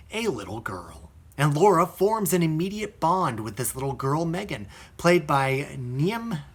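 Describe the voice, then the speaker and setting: A man's voice: a little high, fairly bright tone, husky. A man reviewing a film in a chatty style with joking asides. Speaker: film critic.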